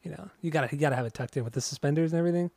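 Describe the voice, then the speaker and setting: Brief: male podcast co-host, teasing and jokey, slightly raised pitch. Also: rapid-fire, gravelly, a little mellow, no echo. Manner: joking, teasing banter. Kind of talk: casual music podcast chat.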